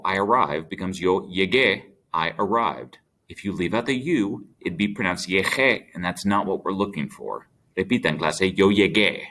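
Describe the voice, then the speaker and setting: Male teacher, low voice, patient recorded grammar lesson for students. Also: a bit bright. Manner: patient, explains step by step to students. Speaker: Spanish teacher.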